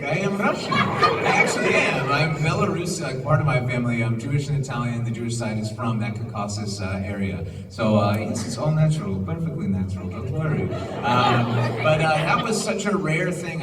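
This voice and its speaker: A man speaking on a convention panel as a voice actor, joking and animated with quick asides. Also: mid-range voice. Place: large convention hall. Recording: echoey hall from far off, noisy.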